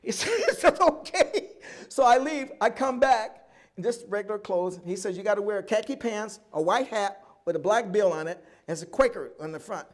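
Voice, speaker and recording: A man in his seventies, a guest at a live oral history event, telling stories from his life in an animated way and acting out both sides of each conversation. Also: sits high, normal speed. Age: 70s. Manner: animated storyteller who acts out dialogue and laughs often.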